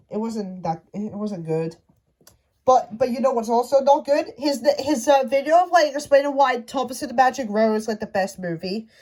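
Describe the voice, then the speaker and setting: Brief: high-pitched woman, fan rant, halting delivery full of restarts. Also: warm tone. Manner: halting, stumbling, many restarts. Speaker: fan commentator. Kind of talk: casual rant to camera.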